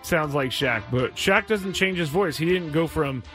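A man hosting a sports talk show, chatting casually and rambling with frequent restarts and sudden jumps in pitch. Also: a little slow, a bit bright, soft background music. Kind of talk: casual chat.

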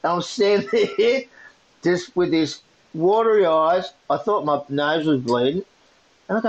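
An Australian man co-hosting a podcast, telling a story in a casual, animated way and laughing often. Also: a little high, a little slow, lo-fi sound. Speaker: podcast co-host.

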